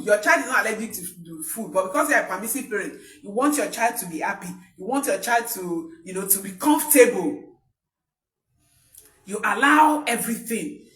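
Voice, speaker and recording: A woman's voice: a little high, bright, forceful tone. Emphatic woman coaching parents. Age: adult parent. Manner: emphatic, repeats key points. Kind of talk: live-streamed parenting talk. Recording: roomy, voice from mic distance.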